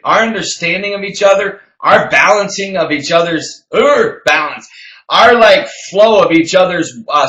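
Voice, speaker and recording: Emphatic, preachy man, bright voice. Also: high-pitched, roomy sound, low-quality recording. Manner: emphatic, preachy, repeats phrases for effect. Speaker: podcast co-host. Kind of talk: motivational business talk.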